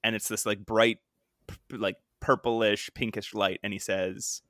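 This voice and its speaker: A man's voice: lowish voice, flat delivery, unhurried, a bit bright, no echo, studio quality. A man co-hosting a comics podcast in casual chat, laughing often and acting out quoted lines. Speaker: podcast co-host.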